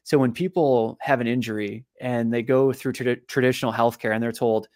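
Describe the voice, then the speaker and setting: On a podcast, a man who works as a physical therapist and writes books recounts a lengthy personal story with animation, often saying words twice. He talks briskly at medium pitch with hardly any pauses, captured in a dry, clean studio recording.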